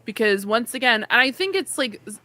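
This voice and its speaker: A woman's voice: on the high side, expressive, fairly quick, sharp tone, no echo. A woman co-hosting a gaming chat show. She talks loosely and circles her point, with lots of fillers and restarts. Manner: rambling, many fillers and restarts. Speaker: podcast co-host. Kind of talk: casual chat.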